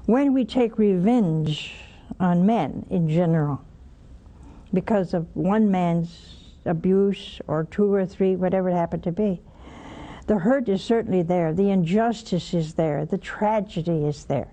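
A woman's voice: on the low side, measured pace, dark tone. An older woman hosting a religious call-in show, preaching emphatically, scolding and mocking. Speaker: religious TV host taking calls.

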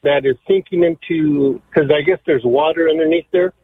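A man calling in to a radio show, telling his story in a rambling way and pausing to search for words. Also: fairly high pitch, steady tone. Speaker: caller. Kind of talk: phone-in chat. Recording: tinny phone line.

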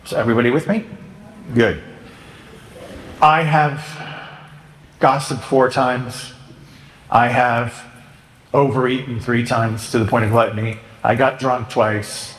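A man, a priest, giving a conversational sermon with jokes, acting out confessions in a lively way. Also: medium pitch, slow pace, pauses often. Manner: conversational, joking, acts out penitents and himself. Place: church. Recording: echoey church with long reverb.

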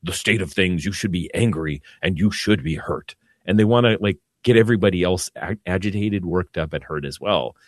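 Priest co-host, calm and reflective, lowish voice, dry studio. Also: male voice, brisk, no echo. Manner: calm, reflective, lowers his voice to soothe. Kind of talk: Catholic radio talk.

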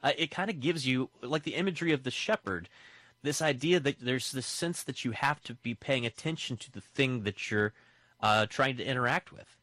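A man hosting a conversation, relaxed and thoughtful, with some fillers. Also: medium pitch, normal speed, no echo. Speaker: host. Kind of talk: conversational interview.

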